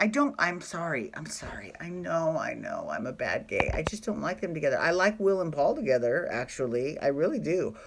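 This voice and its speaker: A man's voice: high voice, a bit bright. Chatty gushing man recapping soaps. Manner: chatty and gushing, quick asides and apologies. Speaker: soap opera recap host. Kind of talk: casual chat.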